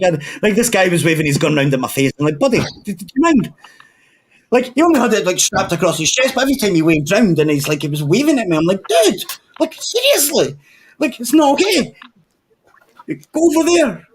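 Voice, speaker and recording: A Scottish man rambles through a sweary story with friends, his voice sitting a little high for a man. He talks casually and loosely, piling on filler words and curses. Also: big pitch swings, quick pace, a little hiss or hum. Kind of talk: casual chat among friends.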